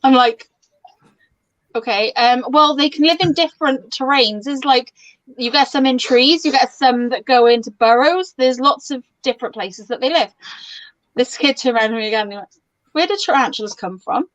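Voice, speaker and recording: A woman tells rambling stories in a casual group chat, full of "um" and "like". Her voice sits a little high, and the call audio is dull and dry, with no room sound. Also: normal speed, no room sound. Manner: chatty storyteller, fillers and restarts. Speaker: guest on a chat stream. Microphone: video call.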